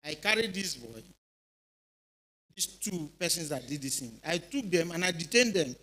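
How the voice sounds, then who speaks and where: A middle-aged man with a Nigerian accent speaks to young people in a church hall. His voice sits a little high. He tells stories in a lively, animated way and keeps asking whether the listeners are with him. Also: moderate pace, pauses often. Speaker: retired police officer speaking at a youth event. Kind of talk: informal speech to a youth audience.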